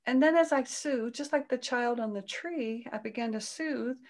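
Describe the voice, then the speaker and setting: A woman speaking as a parenting coach in an interview, explaining calmly in a gentle, soothing way and breaking into quoted voices with big jumps in pitch. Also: moderate pace.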